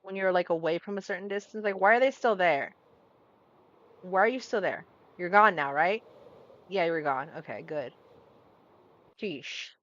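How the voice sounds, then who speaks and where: A woman's voice: on the low side, normal speed, long pauses, fairly bright tone, lo-fi sound. A young woman talking casually while she plays a game, rambling, getting distracted and restarting her thoughts. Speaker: gaming streamer. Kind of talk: casual commentary while playing.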